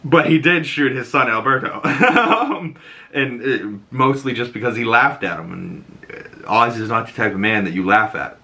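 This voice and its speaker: A male podcast host giving a rambling, profane, excitable recap of a TV episode. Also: mid-range voice, moderate pace. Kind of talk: casual episode recap and reaction.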